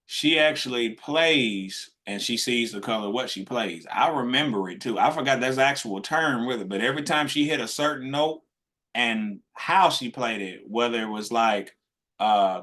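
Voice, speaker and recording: A man's voice: mid-range voice, fairly bright tone. A man co-hosting a podcast live stream, talking casually and rambling with many restarts. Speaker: podcast co-host.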